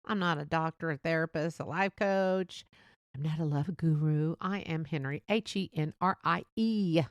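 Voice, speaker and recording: A woman hosting a casual solo podcast, talking fast and rambling, laughing between thoughts. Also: low-pitched, no echo, clean studio sound. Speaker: podcast host.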